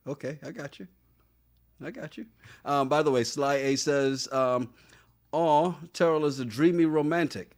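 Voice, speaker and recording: A man in his thirties co-hosting a casual podcast chat, teasing his partner and reading out viewer comments. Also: medium pitch. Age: 30s. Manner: teasing, playful questioning. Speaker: podcast co-host.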